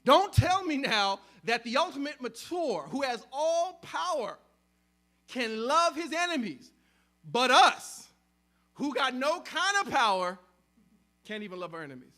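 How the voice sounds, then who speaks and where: A man delivers a sermon as pastor in a very high, bright, sharp voice. He preaches emphatically, swinging between loud stressed words and near-hushed drops. He often repeats himself and restarts phrases mid-thought. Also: big pitch swings, a little slow.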